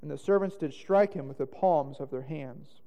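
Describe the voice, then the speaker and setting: A man with a fairly high voice and some vocal fry gives a dramatic scripture reading at a moderate pace. He rises to loud exclamations on the quoted lines. The recording carries long hall reverb.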